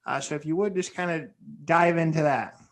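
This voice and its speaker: A man hosting a podcast, relaxed and affirming as he steers the guest to the next topic. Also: a little high, brisk. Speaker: podcast host. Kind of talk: casual interview.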